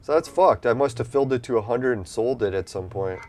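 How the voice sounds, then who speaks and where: Man, mid-pitched, casual game commentary, rambling, profane, stuffy nose. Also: a little fast, a little mellow. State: runny nose from allergies. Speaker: gameplay streamer.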